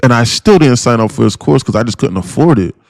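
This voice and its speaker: A man hosting a trading live stream, lecturing his viewers in a blunt, pushy rant full of profanity and repeated phrases. His voice sits at an ordinary pitch. The sound is dry and close, with no room echo. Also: lively intonation, quick pace, creaky. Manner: addresses viewers as guys and bro. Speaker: day-trading streamer and mentor.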